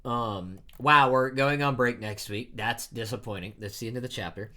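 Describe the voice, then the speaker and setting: A man's voice: lowish voice, normal speed, a bit bright. A man hosting a casual reading and reaction, thinking aloud as he rambles through his thoughts. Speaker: manga reaction host.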